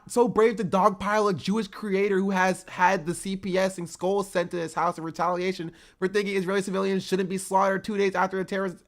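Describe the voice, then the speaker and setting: A man streaming, reacting in disbelief and repeating the same phrases over and over. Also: high voice. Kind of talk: livestream reaction commentary.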